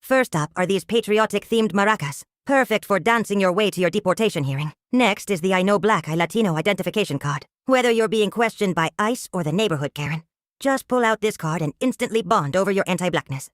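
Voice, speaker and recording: A woman podcast host reading a mock commercial voice-over with a sarcastic, salesy pitch. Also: animated, fast talker, no echo, clean studio sound.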